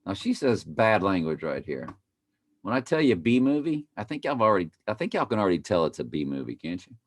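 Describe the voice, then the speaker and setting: A man's voice: on the low side, big pitch swings, brisk. A man giving casual, playful commentary over a video he plays, repeating phrases in a mock chant and breaking into sudden exclamations.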